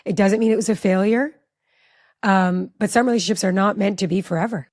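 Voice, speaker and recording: A woman in her forties, a relationship educator, telling a personal story in an animated, chatty way with lots of "like" in a podcast interview. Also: mid-range voice, a little fast. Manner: animated, chatty, heavy use of "like".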